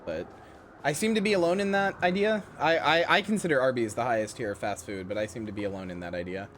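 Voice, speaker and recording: A man's voice: medium pitch, fast talker, fairly bright tone, a little hiss or hum. A man chatting casually to his live-stream viewers while he plays a game, rambling, swearing freely and laughing at himself.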